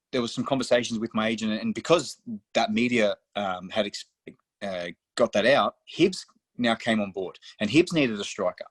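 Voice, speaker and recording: A young Australian footballer appears as a podcast guest, casually telling stories, swearing freely and often calling the host "mate." His mid-range voice is a bit bright, with no echo.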